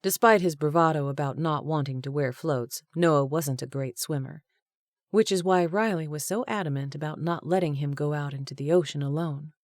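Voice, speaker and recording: A woman narrating a romance audiobook in a steady storytelling manner. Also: deep voice, normal speed, no echo, clean studio sound. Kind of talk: scripted narration.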